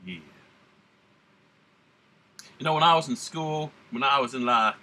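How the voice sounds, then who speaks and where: Speaking a touch slowly, this beer reviewer has a medium-pitched voice that sounds pushed and bright. He's a U.S. man running a relaxed beer-tasting vlog, drifting along with slang in an exaggerated Southern drawl.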